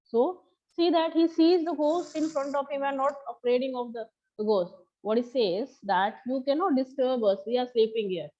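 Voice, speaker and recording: A woman's voice: sits high, normal speed, mellow. A woman teacher, explaining a story to a class and repeating each line in her own words. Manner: explanatory, repeats and paraphrases lines. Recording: slightly dull lo-fi recording.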